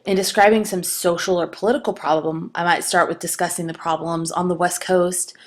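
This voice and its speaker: A woman's voice: on the low side, fairly even intonation, fairly quick. A woman giving a recorded writing lecture, explaining patiently with some fillers and restarts. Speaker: writing instructor.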